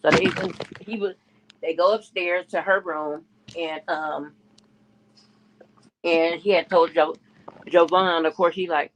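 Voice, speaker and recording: A man's voice: fairly high pitch, fairly even intonation, slow pace, pauses often, a bit bright. A man co-hosting a podcast, telling a gossip story in a rambling way and raising his voice to quote other people. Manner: rambling, restarts often, quotes others in a raised voice. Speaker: podcast co-host. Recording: muffled lo-fi audio.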